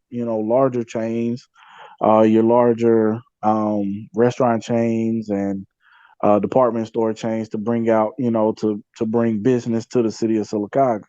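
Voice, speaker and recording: A man recounts his community work as a podcast guest. He sounds dark and mellow and drifts easily, full of "you know" and restarts. The audio is dry and slightly dull. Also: mid-range voice, dry recording. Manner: conversational, many fillers and self-repeats. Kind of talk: casual storytelling interview.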